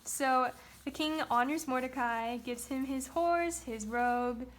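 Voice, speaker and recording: A woman teaching Sunday school with a high voice. She tells the story in a casual, chatty way and drops in playful asides as she goes. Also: slow pace.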